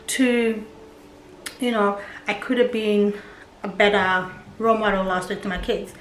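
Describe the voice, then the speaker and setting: A woman's voice: mid-range voice, fairly even intonation, a little fast, fairly bright tone. A young adult woman, a mother vlogging at home, talking candidly and chattily in a casual style. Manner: candid and chatty, with quoted voices. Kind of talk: casual personal vlog talk. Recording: echoey room with faint hum.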